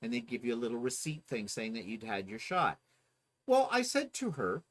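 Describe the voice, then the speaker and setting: Animated man telling a story. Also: moderate pace. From Ontario, Canada. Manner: animated, mimics other people with high voices. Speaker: co-host. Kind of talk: casual storytelling chat.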